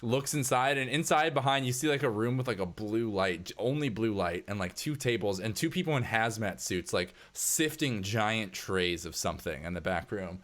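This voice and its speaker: A man's voice: fairly low pitch, normal speed, few pauses, a bit bright. A man narrating a tabletop game as game master in a casual manner, full of filler words.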